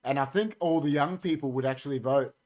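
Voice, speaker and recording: A man's voice: mid-range voice, a little fast, darkish tone. An Australian man hosting a casual podcast, chatty and opinionated, reading out comments from a live chat. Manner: talks while eating, chatty and opinionated. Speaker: podcast host.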